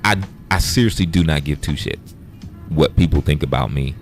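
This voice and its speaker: A man's voice: very deep voice, moderate pace, soft background music. A man hosting a casual livestream, bluntly retelling an argument with profanity and quoted back-and-forth. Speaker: livestream host.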